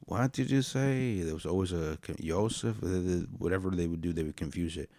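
A man's voice: low voice, quick pace, no room sound. A man hosting a podcast, telling stories and giving rambling, profane comedic commentary on videos. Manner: rambling, profane, animated storyteller. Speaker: podcast host reacting to videos.

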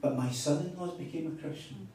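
A man's voice: fairly high pitch, brisk, dark tone. A man preaching a sermon, telling stories with emphatic repeats. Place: hall at a retreat. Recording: echoey hall, mic far off.

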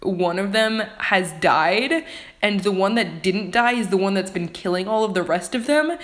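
A woman's voice: medium pitch, moderate pace, a bit bright, roomy sound. A woman giving a rambling, casual book review, full of filler words and casual swearing. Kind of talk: casual vlog rant.

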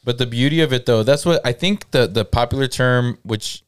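A man's voice: medium pitch, a little fast, smooth, dry recording, studio quality. A man co-hosting a podcast, talking reflectively in casual chat with many fillers. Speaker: podcast co-host.

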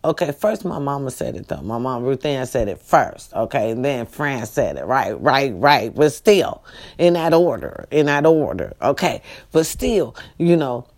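A woman's voice: sits low, expressive, measured pace, a little mellow. A middle-aged woman, talking to her viewers in a casual, heartfelt monologue, preachy and repetitive, often asking them directly if they understand. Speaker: vlogger.

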